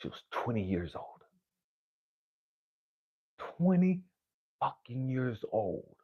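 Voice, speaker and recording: Very animated and slow, a husky-voiced male spiritual coach offers an emotional, confessional monologue meant to motivate, moving between low murmurs and near-shouts and cursing often. The recording is muffled.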